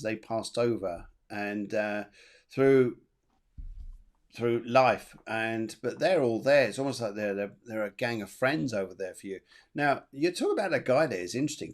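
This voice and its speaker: A man's voice: fairly low pitch, moderate pace. Chatty man hosting a psychic show. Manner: chatty, repeats words, laughs often. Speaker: medium and show host. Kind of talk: live psychic reading show.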